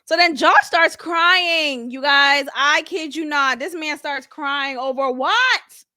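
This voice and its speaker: A woman hosts a reality TV review channel, offering casual commentary packed with jokes. Her voice is high-pitched and she takes it slowly, laughing and swearing freely in an animated way. The recording is studio quality with no room sound.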